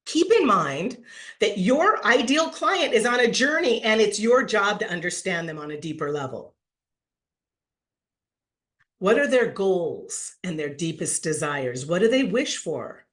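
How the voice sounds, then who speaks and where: Lively middle-aged woman presenter. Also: mid-range voice, unhurried. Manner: animated and playful, acts out quoted voices, laughs often. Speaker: branding speaker at an online summit.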